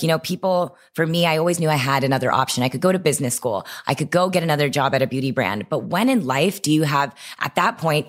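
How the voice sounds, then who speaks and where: Young woman, low register, podcast guest recounting her start; animated, quotes her own thoughts. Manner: animated storytelling with quoted inner voices. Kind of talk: podcast interview.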